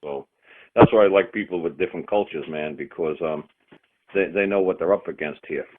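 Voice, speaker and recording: A man's voice: low-pitched, fairly quick, a little hiss or hum. A man telling stories in casual talk, blunt and emphatic, often cursing. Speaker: teacher of a study group. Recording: tinny phone-line sound.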